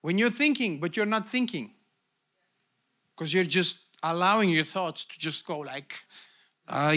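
A middle-aged man preaching a sermon as pastor, emphatic, calling out to the congregation and swinging from low asides to shouted peaks.

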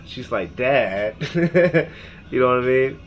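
A man's voice: mid-range voice, moderate pace, a little hiss or hum, poor audio. A man in his thirties from Seattle hosting a podcast, ranting with heavy profanity, rambling and reading his text messages aloud. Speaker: podcast host. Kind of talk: emotional rant.

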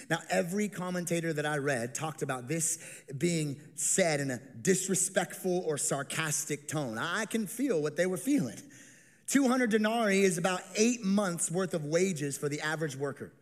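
A young adult male pastor preaching a sermon, an animated storyteller who acts out the people in the story with humor. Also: a little high, normal speed, in a large hall. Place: church stage with long reverb.

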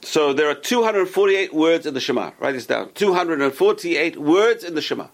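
A man's voice: on the high side, expressive, normal speed. A man teaching a casual Torah lesson, explaining step by step and answering his own questions. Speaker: rabbi teaching a class.

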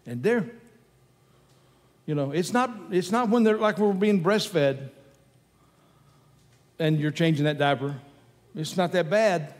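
A man's voice: fairly high pitch, slow pace, pauses often. A man preaching a sermon in a conversational way, repeating his key phrases for emphasis. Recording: long hall reverb with faint music.

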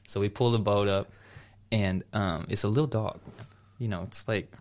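Young dude rambling thru a story on a podcast, lots of restarts, laughing. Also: male voice, fairly low pitch, fairly even intonation, moderate pace. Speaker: podcast co-host. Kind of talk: casual storytelling chat.

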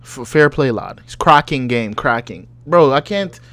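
A man's voice: medium pitch, animated, measured pace, a bit bright. A man co-hosting a casual podcast chat, loose and profane, joking and reacting with disbelief. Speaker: podcast co-host.

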